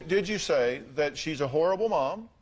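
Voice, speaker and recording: A man's voice: a little high, expressive, moderate pace, a crowd in the background. A man hosting a studio talk show and pressing a guest with pointed questions.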